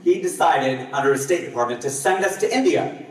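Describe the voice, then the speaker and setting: Man, late forties, stand-up comedian, higher voice, lively jumps on punchlines, echoey hall, far from the mic. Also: brisk. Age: 40s. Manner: animated, with jumps up in pitch and volume on punchlines. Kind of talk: live stand-up comedy set. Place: festival stage before a live audience.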